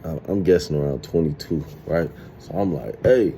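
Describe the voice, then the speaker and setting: A man in his thirties telling a streetwise, profane story in a casual, animated monologue. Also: a bass voice, moderate pace, gravelly, a little hiss or hum. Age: 30s. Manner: streetwise, profane, animated retelling with acted quotes.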